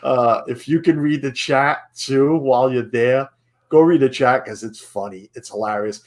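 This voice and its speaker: A man's voice: medium pitch, moderate pace. Rambling, chuckling male stream host. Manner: rambling, self-interrupting, chuckling. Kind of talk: casual chat.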